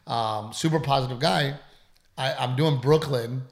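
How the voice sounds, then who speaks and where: Gravelly-voiced man telling a story. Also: medium pitch, unhurried. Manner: candid, emphatic, swears freely. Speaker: comedian and podcast co-host. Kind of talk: casual storytelling chat.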